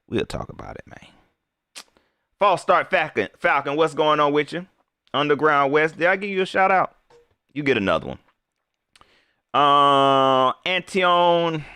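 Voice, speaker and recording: A young man hosting a live stream, chatting casually and giving loose, slangy shout-outs to viewers. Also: fairly high pitch, smooth, no room sound, clean studio sound. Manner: loose, slangy, rambling, lively.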